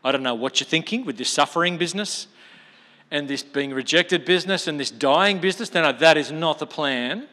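A man's voice: on the high side, fairly quick, pushed and bright. An Australian man preaching, putting on a blunt, overconfident friend who corrects his mate, in his own voice. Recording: long reverb of a large hall.

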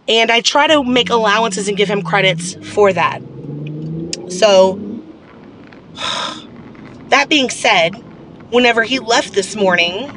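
A woman's voice: mid-range voice, a bit bright, slight background noise. A woman telling a personal story in a casual, candid vlog, rambling and venting with lots of fillers. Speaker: vlogger.

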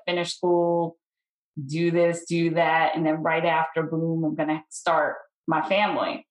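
A woman's voice: fairly low pitch, echoey room, poor audio. A woman co-hosting a podcast who speaks openly and earnestly in casual conversation and laughs easily. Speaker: podcast co-host.

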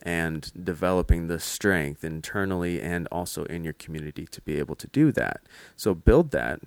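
A man's voice: low-pitched, animated, normal speed, no echo. A man, a clinician, explaining patiently in casual podcast talk with many restarts. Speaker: mental health clinician guest.

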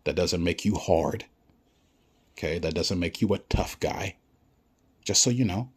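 Blunt, profane man with a deep voice. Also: unhurried, husky. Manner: blunt, profane, lecturing directly at the listener; repeats himself for emphasis. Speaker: vlogger. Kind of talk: ranting monologue to camera.

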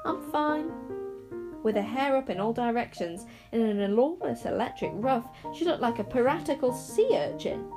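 A woman's voice: a little high, lively intonation, moderate pace, hardly any pauses, over music, poor audio. A woman reading an audiobook as narrator, telling the story expressively. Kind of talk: scripted narration.

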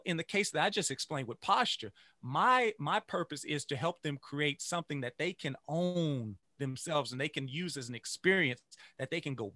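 A man who teaches music, giving an energetic motivational talk to teachers and chanting phrases in rhythm. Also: on the high side, no room sound, clean studio sound. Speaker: music educator.

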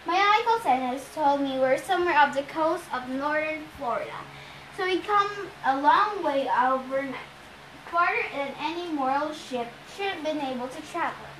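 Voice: sits high, expressive, normal speed, fairly bright tone, roomy sound, slight background noise, poor audio. A child reading a novel aloud as narrator, stumbling over words and going back to restart them. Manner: reads with slips and restarts, repeating stumbled words. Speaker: reader of a novel.

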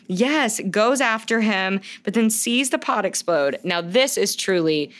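A woman's voice: medium pitch, animated, unhurried. A woman co-hosting a podcast in casual chat, gushing and swearing freely, often laughing as she talks. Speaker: podcast co-host.

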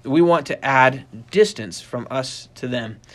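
A middle-aged man talks through dog training in a casual, animated way and keeps his voice in a middle pitch. He rambles and restarts his sentences with plenty of fillers. He tells stories as he teaches. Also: measured pace. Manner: animated storyteller, acts out quoted voices in a high pitch. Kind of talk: casual instructional talk.

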